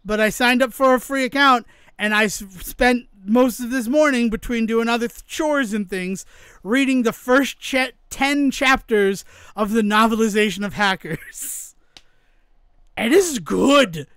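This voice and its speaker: A man co-hosting a podcast in casual chat, animated, laughing often and acting out quoted exchanges. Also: very high-pitched, measured pace, clear, resonant tone, no echo, studio quality. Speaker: podcast co-host.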